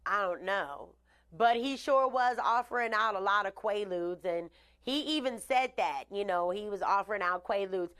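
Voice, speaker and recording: A woman hosting a live online show, chatting casually with shout-outs and blunt opinions. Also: medium pitch, moderate pace. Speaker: host. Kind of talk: casual live-stream talk.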